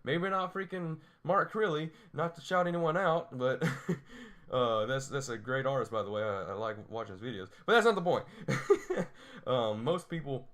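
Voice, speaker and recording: A young man hosting a drawing tutorial rambles and talks to himself as he sketches, laughing often and mocking his own work in a self-deprecating way. He speaks briskly with few pauses, in a mid-range, fairly bright voice.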